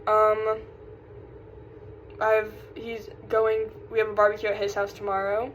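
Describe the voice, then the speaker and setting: Her delivery completely flat and a little slow, a young vlogger from South Carolina talks casually at medium pitch with a light Southern accent. She drifts, sighs and loses her train of thought as she rambles. Slight background noise sits under this low-quality recording.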